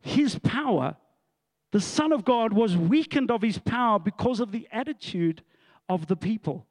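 A man's voice: sits high, expressive, moderate pace, no room sound. A middle-aged man, a pastor telling a story to his congregation in a sermon, with asides and laughs.

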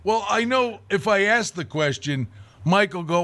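A man hosting a sports radio show, talking in halting, stammering starts. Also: high voice, animated, a bit bright. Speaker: radio host.

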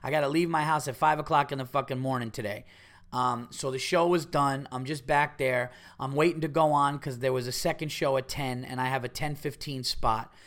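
A man's voice: mid-range voice, fairly even intonation, fairly quick, fairly bright tone. A middle-aged man, a comedian hosting his podcast, telling a profane, heated story and repeating himself as he acts out what people said.

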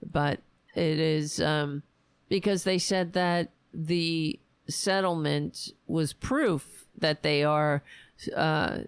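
A woman hosting a ranting political commentary show, sarcastic and exasperated, and her voice is going hoarse. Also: low-pitched, fairly even intonation, drawn-out words, no room sound. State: losing her voice.

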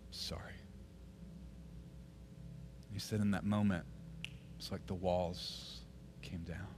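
Pastor preaching a sermon. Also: male voice, mid-range voice, a little hiss or hum.

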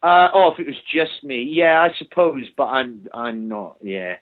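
A man's voice: medium pitch, lively intonation, a little slow. A male musician as a guest in a casual interview, talking hesitantly and trailing off mid-thought. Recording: tinny phone-like line.

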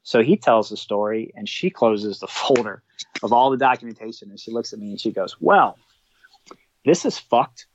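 A man's voice: fairly low pitch, brisk, no room sound. Storytelling man, dull dry sound. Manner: animated, acts out quoted dialogue. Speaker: fire department supervisor. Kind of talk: casual storytelling.

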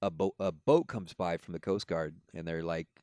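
A man co-hosting a podcast, chatting casually and telling stories in an animated way. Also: sits low, normal speed, no echo, studio quality. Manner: animated storyteller, lively put-on voices. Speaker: podcast co-host. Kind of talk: casual chat.

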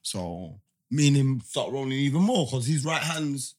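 A man, co-hosting a casual chat podcast, animated and full of street slang with loud bursts. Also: mid-range voice, moderate pace.

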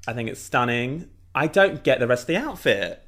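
Playful, lively-voiced podcast co-host man. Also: medium pitch, normal speed. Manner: bold, playful opinions, often laughing. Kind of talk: casual chat reviewing a TV episode.

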